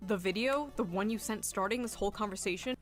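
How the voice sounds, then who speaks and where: A woman's voice: mid-range voice, fast talker, faint music behind. A woman narrating a video, sarcastically commenting on screenshots of messages.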